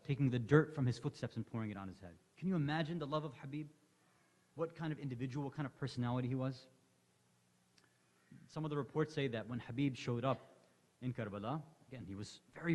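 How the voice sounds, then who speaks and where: A man's voice: mid-range voice, darkish tone. A man delivering an impassioned Muharram sermon to a congregation, telling the story with rising emotion. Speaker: lecturer. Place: large hall at an Islamic center. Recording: long hall reverb.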